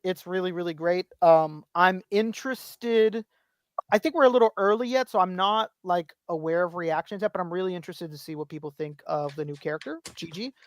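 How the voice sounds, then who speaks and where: A man's voice: high-pitched, a little fast, no echo, studio quality. A man in his thirties co-hosting a podcast, telling rambling stories, swearing freely and acting out quotes. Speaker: podcast co-host. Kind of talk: casual chat.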